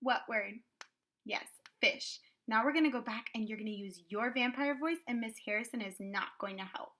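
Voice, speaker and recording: A woman teaching kindergarten phonics online, sounding out words slowly and clearly with cheerful prompts. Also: on the high side, fairly bright tone.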